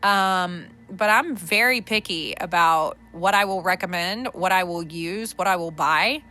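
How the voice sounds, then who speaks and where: A woman's voice: fairly low pitch, measured pace, bright, forceful tone. A woman hosting a podcast, ranting bluntly and profanely with lots of restarts. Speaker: podcast host. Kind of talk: unscripted spiritual rant. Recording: faint background music.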